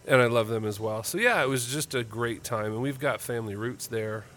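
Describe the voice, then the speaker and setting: A man co-hosting a podcast, talking in relaxed, casual chat with many fillers. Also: medium pitch, a little fast, slight background noise. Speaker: podcast co-host.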